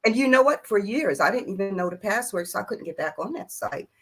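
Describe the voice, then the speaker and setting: Husky, lively older woman storyteller. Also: medium pitch, brisk. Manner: acts out quoted dialogue with laughter and emphasis. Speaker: interview guest. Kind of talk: animated personal storytelling.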